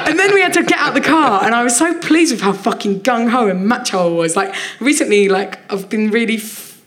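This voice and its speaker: Casting note: woman comedian, lively anecdote teller, slightly higher voice, laughing through it. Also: fast, few pauses. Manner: animated storytelling, frequent laughter, swearing. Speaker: comedian guest. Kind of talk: casual anecdote on a live podcast.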